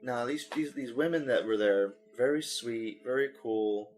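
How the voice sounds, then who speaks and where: A man hosting a podcast, chatting casually and telling an animated story with bursts of mock announcer hype. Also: medium pitch, measured pace, hardly any pauses, faint music behind. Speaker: podcast host. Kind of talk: casual chat.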